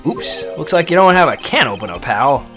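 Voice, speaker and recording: A woman voicing a gruff, good-natured male detective with a low drawl, in a fan dub of a game. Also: sing-song, brisk, soft background music. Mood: friendly. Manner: low, drawling, clipped "pal" endings.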